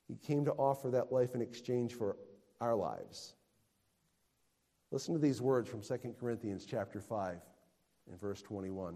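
A man preaching a sermon, swinging between loud proclamation and quiet, hushed emphasis. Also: mid-range voice, big-room sound.

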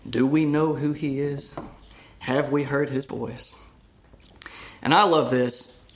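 A middle-aged man preaching a sermon, earnest and emphatic, rising to loud declarations and dropping to hushed asides. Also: medium pitch, steady tone, takes it slowly.

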